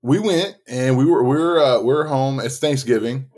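A man co-hosting a podcast, telling a story in casual chat, lively and swearing as he acts out quotes. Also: medium pitch, moderate pace. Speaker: podcast co-host.

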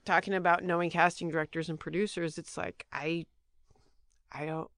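A woman's voice: fairly low pitch, fairly even intonation, moderate pace, fairly bright tone, no room sound. A middle-aged woman, a guest on a podcast, chatting casually and rambling, often restarting her sentences. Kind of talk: casual chat.

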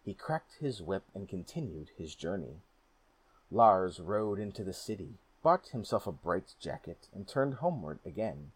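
A man narrating a folk tale in a steady, measured storybook reading. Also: deep voice, husky, no echo.

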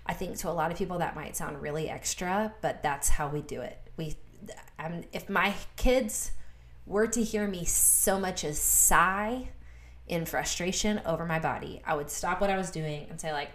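A woman's voice: fairly low pitch, fairly quick. A woman in her thirties speaking earnestly in a faith-based podcast conversation, repeating words for emphasis. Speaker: guest speaker.

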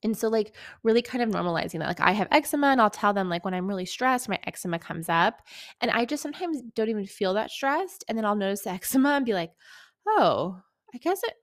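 A young adult woman hosting a podcast in a casual monologue, chatty with many "like"s, acting out her clients in quick quotes. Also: mid-range voice, animated, no room sound, studio quality. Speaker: podcast host, acne coach.

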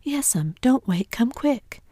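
A woman's voice: mid-range voice, unhurried, warm tone, slightly rough, dry recording, studio quality. A woman voicing an anxious younger brother, a whispered role-play with urgent, fretful whispers.

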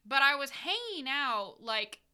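A woman's voice: high voice, big pitch swings, a little slow, sharp tone. An American woman who hosts a podcast and runs tabletop games, chatting casually in a rambling way with frequent laughs. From United States. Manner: rambling, chatty, laughs often, many "like" fillers. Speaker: dungeon master and podcast host. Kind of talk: casual reflective podcast chat.

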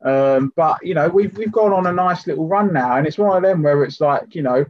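Chatty bloke, lo-fi remote line. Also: male voice, on the high side, fairly quick, dry recording. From United Kingdom. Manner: chatty, full of fillers and "do you know what I mean". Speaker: podcast co-host. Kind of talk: casual chat.

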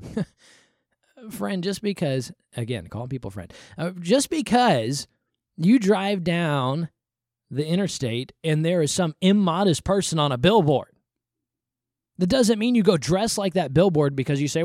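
On a clean studio recording with no room sound, a male podcast host offers conversational Christian commentary. His slightly high voice has a sing-song lilt and a mellow edge at a measured pace, and he sounds emphatic and exasperated, repeating points for emphasis.

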